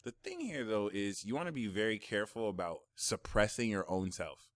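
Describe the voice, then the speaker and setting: A man giving a personal astrology reading, excitable and slangy, swinging from hushed talk to excited shouts. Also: fairly low pitch, a little fast, no echo, clean studio sound.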